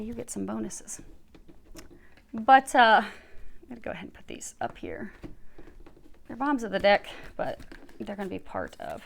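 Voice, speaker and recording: A woman's voice: mid-range voice, vocal fry, a little hiss or hum. A woman giving a chatty tarot reading, sounding congested from a cold and talking to viewers as she lays out cards. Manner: chatty, reassuring, talks while laying out cards. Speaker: tarot card reader. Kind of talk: casual spoken tarot reading.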